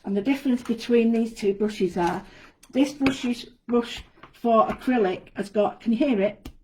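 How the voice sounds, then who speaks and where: A woman leads a live craft demonstration, explaining each step in a chatty, friendly way. Her voice sits a little high, with a mellow, warm tone. She talks from an indoor studio. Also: normal speed, slight background noise, poor audio. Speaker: guest designer demonstrating a craft.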